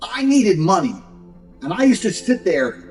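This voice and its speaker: Blunt man lecturing over soft music. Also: high-pitched, very animated, measured pace. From England. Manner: mocks others by acting out their excuses. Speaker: motivational speaker. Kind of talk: motivational speech. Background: faint background music.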